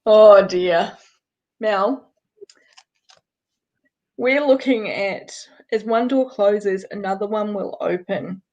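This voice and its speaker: A woman's voice: medium pitch, slow pace, pauses often, darkish tone, lo-fi sound. A woman with a New Zealand accent giving card readings to viewers in a chatty, direct way, firing off rhetorical questions. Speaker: card reader. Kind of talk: live-stream card reading.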